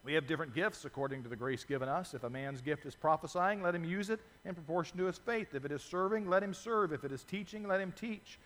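Man, pastor, sermon, slightly high voice, animated storytelling, long hall reverb. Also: quick pace, hardly any pauses.

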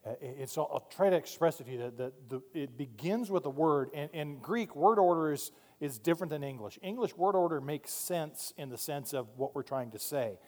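High-voiced preacher in a reverberant church. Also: male voice, fairly quick, hardly any pauses. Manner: animated, shifts between quiet asides and loud emphatic points. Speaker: pastor. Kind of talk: sermon. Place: church sanctuary. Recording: long hall reverb.

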